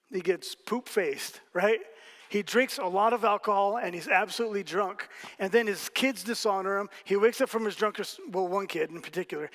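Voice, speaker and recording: A man's voice: high voice, a bit bright. A man preaching a sermon as pastor, telling stories casually with jokes and asides to the congregation. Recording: hall reverb.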